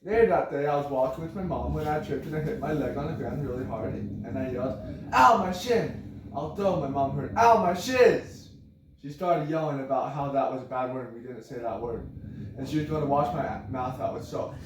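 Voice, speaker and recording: A man's voice: medium pitch, steady tone, quick pace, background noise. A young man, a podcast co-host, reading a funny story aloud in a casual, upbeat way. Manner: upbeat, reads jokes and stories aloud. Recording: echoey room, mic far off.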